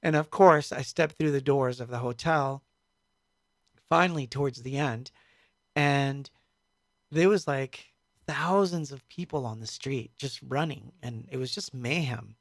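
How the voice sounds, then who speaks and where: A man telling a story in a casual stream, speaking in a halting, reflective way with many fillers. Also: mid-range voice, no room sound, studio quality. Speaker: musician recounting a tour.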